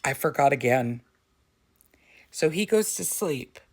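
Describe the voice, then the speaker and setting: A woman's voice: extremely low pitch, slow pace, slight background noise. A middle-aged woman casually telling a family story, laughing as she goes and slipping into quoted voices. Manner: animated, laughs while talking, breaks into quoted voices.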